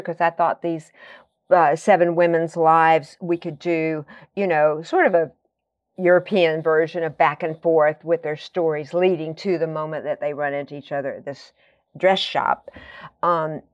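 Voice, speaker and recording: A woman's voice: deep voice, fairly even intonation, moderate pace, no echo, muffled recording. A woman guest telling long, rambling stories in casual conversation, full of fillers and tangents. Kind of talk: conversational storytelling.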